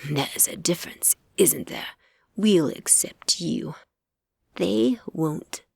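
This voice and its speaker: A stern male Fae king, voiced by a woman narrator lectures in a low, hushed and measured way. His tone is cool and disapproving, with a deep, gravelly grain. This is a fantasy audiobook. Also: lively intonation, dry recording, in a whisper, clean studio sound, full character voice.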